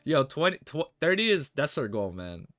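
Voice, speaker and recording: A young man on a live stream, reading a novel aloud and breaking off for excited, swear-filled chat. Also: fairly high pitch, no echo. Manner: reads quickly then breaks into excited swearing reactions.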